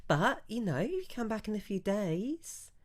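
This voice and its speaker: A woman's voice: mid-range voice, big pitch swings, unhurried, pitched above the performer's own voice. A woman voicing an eccentric, flamboyant female trader who fawns over her customers in a tabletop game. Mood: apologetic. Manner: chirpy, fawning shopkeeper patter.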